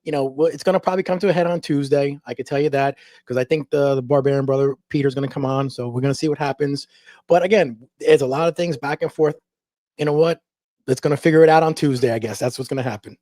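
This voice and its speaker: A man's voice: medium pitch, fast talker, dark tone, dry recording. A man with a New Jersey accent hosting a casual live stream, reading viewer comments with lots of fillers. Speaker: host.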